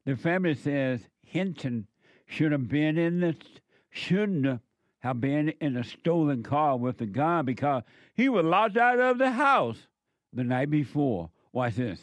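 A man's voice: a little high, lively intonation, a little slow, no room sound. A man giving a preachy, sarcastic commentary on a news clip, mocking and repeating his phrases for emphasis.

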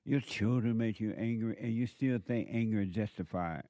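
A man's voice: on the low side, normal speed, warm tone, no room sound. A man delivering a preaching monologue, emphatic and repetitive, full of rhetorical questions.

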